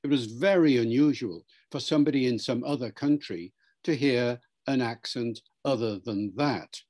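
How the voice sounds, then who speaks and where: A man explains things in an unhurried, lecturing manner, like a patient expert taking a question. His voice sits at an ordinary pitch for a man, neither high nor low. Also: darkish tone. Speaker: interviewed language expert. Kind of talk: explanatory interview answer.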